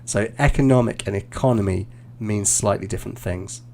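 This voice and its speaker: A male English teacher giving relaxed, encouraging feedback on a mock speaking test over a live stream, with frequent fillers and restarts. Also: on the low side, normal speed, gravelly, a little hiss or hum. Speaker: IELTS teacher and examiner.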